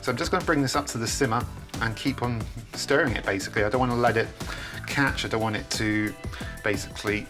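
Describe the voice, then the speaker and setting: A man's voice: medium pitch, fast, over music. A man, chatting enthusiastically while he cooks in his home kitchen for a video. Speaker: cooking vlogger. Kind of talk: casual cooking demonstration.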